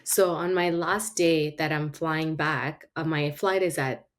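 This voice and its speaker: A woman's voice: sits low, steady tone, a little slow. A middle-aged woman talking casually as a podcast guest, telling stories animatedly with frequent laughter. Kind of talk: casual conversation.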